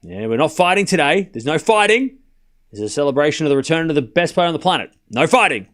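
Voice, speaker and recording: A man's voice: fairly high pitch, lively intonation, fast, fairly bright tone. A man hosting a live tennis watchalong stream, calling points and chatting casually with his viewers. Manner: chatty, laughs often, talks to chat. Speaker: host.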